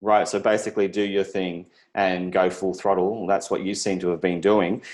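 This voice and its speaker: A man's voice: low voice, little pitch movement, normal speed, darkish tone. An Australian man hosting a casual interview, chatty and friendly, calling his guest "mate". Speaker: interviewer, show host.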